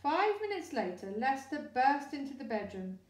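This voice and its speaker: A woman storyteller reading a children's storybook aloud in a lively, expressive way, with a distant, echoey sound. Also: high voice, normal speed. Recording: roomy echo, distant mic.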